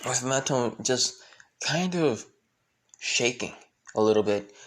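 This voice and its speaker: A man's voice: medium pitch, lively intonation, slow, fairly bright tone. A man casually improvising a fan fiction story aloud, rambling along with lots of fillers, restarts and repeated stock phrases.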